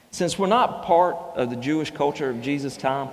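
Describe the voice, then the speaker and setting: A man preaching a sermon as pastor, mixing scripture teaching with relaxed personal stories. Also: fairly high pitch, moderate pace, few pauses. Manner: conversational storytelling with personal anecdotes. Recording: long reverb in a large hall.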